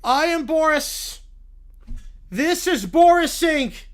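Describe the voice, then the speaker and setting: A synthetic male voice playing a strict cartoon father who speaks slowly and formally. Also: extremely high pitch, full character voice. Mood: solemn. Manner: slow, flat, formal. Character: stern cartoon father, solemn and repetitive.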